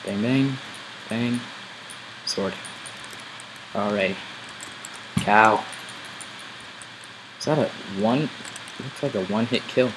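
Low-pitched guy chatting through his game, talking to himself, clear hum of noise behind him. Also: slow, long pauses. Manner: chatty, thinks aloud while playing. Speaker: gameplay video host. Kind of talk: casual gameplay commentary.

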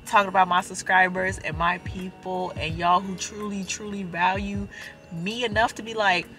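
Young woman, vlogger, mom of four, casual car chat, animated, emphatic, bright clear tone, phone mic, soft music underneath. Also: mid-range voice, normal speed. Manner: animated and emphatic, addresses viewers as y'all. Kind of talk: casual chatty vlog talk.

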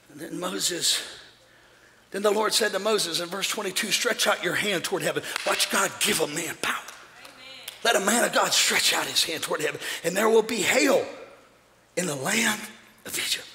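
A man preaching a sermon as pastor, shouting fiery lines and chanting repeated phrases to a congregation. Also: high voice, normal speed, long pauses. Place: large church hall with congregation. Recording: echoey church hall with crowd noise.

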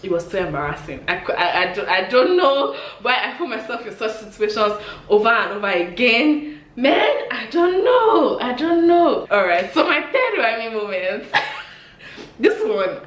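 Animated Nigerian woman telling stories. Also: medium pitch, normal speed. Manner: animated, laughing, exclamatory storytelling. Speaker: vlogger. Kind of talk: storytime vlog. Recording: echoey room with faint hiss.

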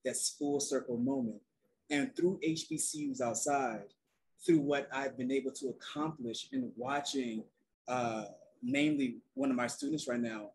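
A soft-spoken young man from North Carolina, talking calmly as a guest in a casual group conversation. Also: medium pitch, a little hiss or hum, poor audio. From North Carolina, USA. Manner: soft-spoken and relaxed, calls it his quiet storm voice. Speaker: guest, outdoor youth program founder.

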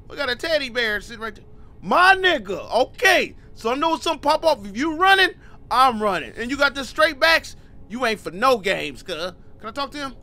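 Voice swinging widely in pitch, this very high-pitched, pushed and bright gaming YouTuber talks fairly quickly through a casual let's-play. He reads the game's text out loud and jokes around on it in slangy, heavily profane commentary.

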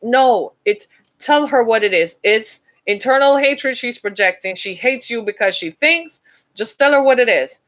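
Lady giving a fired-up motivational talk, bit higher voice, preachy punchy delivery. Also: moderate pace, low-quality recording. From United States. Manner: emphatic, preacher-like, calls listeners "y'all". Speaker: speaker addressing listeners.

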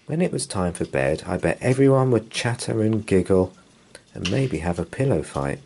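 A man with a very deep voice reads a picture book aloud at bedtime. His delivery is gentle yet animated, rising and falling to keep young listeners engaged. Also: normal speed, creaky, a little hiss or hum. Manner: gentle, expressive reading. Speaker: storyteller. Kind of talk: bedtime story read-aloud.

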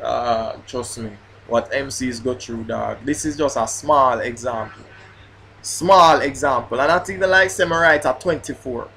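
A man's voice: medium pitch, unhurried, vocal fry, sharp tone, slight background noise. A man, a grime MC ranting in a casual vlog about flubbing his bars, swearing and repeating himself. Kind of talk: casual vlog rant while rehearsing bars.

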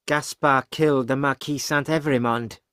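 A fierce, stern French wine-shop woman from an audiobook, voiced by a man. She talks in a firm, grim, measured way at a middling pitch. The sound is close and dry. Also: fairly even intonation, a bit bright, clear, resonant tone, dry recording, lightly acted. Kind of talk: graded reader audiobook acting.

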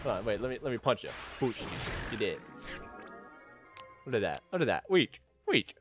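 A young man hosting a gaming video, boasting, joking and yelling at the game as he plays. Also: on the low side, lively intonation, normal speed, music in the background. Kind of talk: gameplay commentary.

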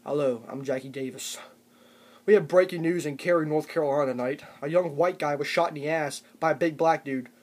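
A man's voice: on the high side, brisk, a little mellow, pitched below the performer's own voice, lightly acted. A young man mimicking a formal TV news anchor reading breaking news. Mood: mock-serious. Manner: mock-formal newsreader delivery.

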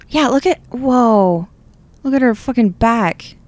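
A woman's voice: on the high side, slow pace, darkish tone. A young adult woman casually chatting and swearing while playing a video game, exasperated and joking. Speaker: let's play gamer. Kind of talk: casual gameplay banter.

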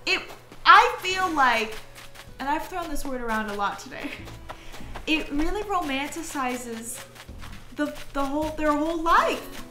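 High, lively, giggly woman streamer. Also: a little slow, pauses often. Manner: chatty and giggly. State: tired and yawning. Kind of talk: casual chat while playing a game. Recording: roomy echo with soft music.

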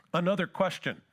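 A pastor preaching a sermon who asks his congregation rhetorical questions and acts out scripture dialogue. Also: high voice.

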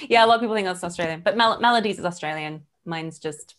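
A woman with a transatlantic mix of English and American accent, a burlesque performer chatting as a guest on a video call, bubbly and quick to giggle. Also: mid-range voice, fairly bright tone, a little hiss or hum. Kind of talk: casual chat on a live video call.

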